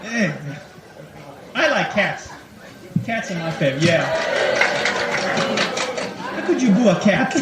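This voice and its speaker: A male stand-up comic with a high, bouncing voice that leaps up and down as he acts out bits. The sound comes from a live 1980s club tape, roomy and a little distant, with audience laughter behind him. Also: a loud crowd. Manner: animated, acts out quick voices in jokes. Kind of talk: stand-up comedy set. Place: comedy club stage, 1983.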